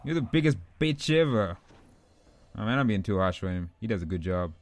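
A young man giving rambling, excitable commentary over his own gameplay, trash-talking opponents and himself. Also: fairly low pitch, fairly quick. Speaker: gaming YouTuber.

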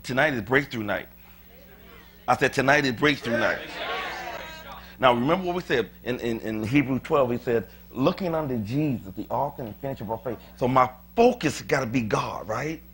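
A male pastor preaching a sermon to his church, moving from quiet scripture reading to fervent shouted declarations, with chatty asides to the congregation. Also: medium pitch, moderate pace. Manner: animated, conversational, with asides to the congregation. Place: church sanctuary.

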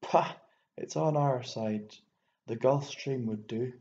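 Man reading as an excitable old bachelor. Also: mid-range voice, takes it slowly. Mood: enthusing. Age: older. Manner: rambling, exclamatory, stammering when worked up. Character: fussy elderly male bachelor landowner, excitable. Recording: echoey room, dull lo-fi sound, faint hiss.

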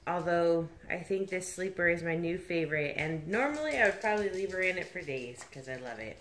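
A woman's voice: lowish voice, lively intonation, brisk, a bit bright, a little hiss or hum. A woman hosting a doll vlog, gushing and cooing over tiny outfits and cracking jokes. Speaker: reborn doll channel host. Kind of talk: casual vlog chat.

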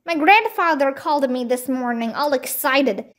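A woman's voice: sits high, expressive, normal speed, fairly bright tone. A woman reading aloud, giving a worried, subdued boy his lines in a voice close to her own. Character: boy Lucky, worried older brother.

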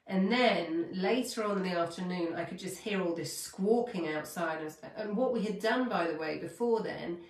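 Woman host, fairly low voice, heartfelt and rambling, echoey room with the mic set back. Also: far from the mic. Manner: heartfelt, rambling, self-correcting. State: near tears. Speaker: podcast host. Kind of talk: spiritual coaching talk.

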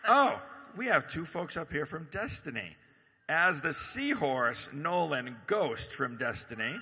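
A man hosting a live convention panel, announcing the cast in an upbeat, brisk way. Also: on the high side, very animated, bright, forceful tone, breathy edge, big-room sound. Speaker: host. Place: convention stage, in front of crowd.

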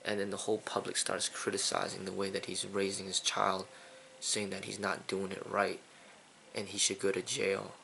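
A man's voice: low-pitched, completely flat delivery, normal speed, vocal fry, bright, forceful tone, slight background noise. A man hosting his own channel, talking in a casual, indignant opinion monologue with lots of fillers and repeated phrases. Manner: repetitive, indignant, many fillers. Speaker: kung fu channel host.

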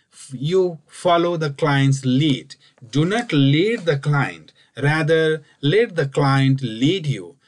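A man giving a recorded lecture, explaining points slowly and repeating key instructions. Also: fairly high pitch. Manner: slow, repetitive, instructive phrasing.

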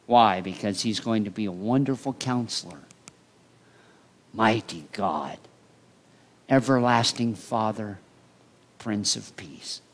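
A male pastor preaching a sermon in an animated storytelling way. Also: lowish voice, slow pace, long pauses. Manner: animated storytelling, acting out voices.

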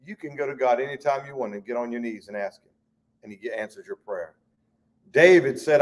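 A man leading a Bible study, preaching fervently in a folksy way and swinging between loud and hushed. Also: mid-range voice, a little fast.

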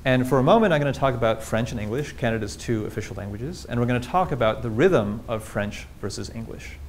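A man's voice: mid-range voice, animated, quick pace, a little hiss or hum. A man giving a public linguistics lecture with slides, explaining things plainly and throwing rhetorical questions at the audience.

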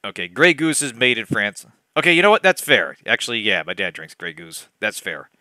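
A man's voice: lowish voice, sing-song, normal speed, pushed and bright, dry recording, studio quality. A young man hosting a comic book-reading game, with wry, digressive asides. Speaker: let's-play host reading a bad novel.

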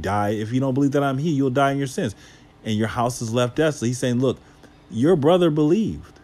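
A Bible teacher with a medium-pitched, slightly mellow voice leads a Bible study. He reads scripture aloud and breaks it down using rhetorical questions and casual asides.

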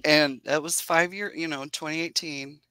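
A chatty woman beekeeper speaks over a video call, earnest and given to laughing between thoughts. Her voice is bright and ringing. The sound is dry and close, with no room in it. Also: low-pitched, steady tone, normal speed, smooth, no room sound, low-quality recording. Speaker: beekeeper guest. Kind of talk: casual video-call interview.

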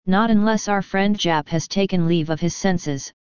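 A woman reading an audiobook, voicing a fussy elderly male Belgian detective who speaks calmly and precisely with gentle teasing. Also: on the low side, moderate pace, clean tone, no room sound, lo-fi sound, lightly acted. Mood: calm, amused.

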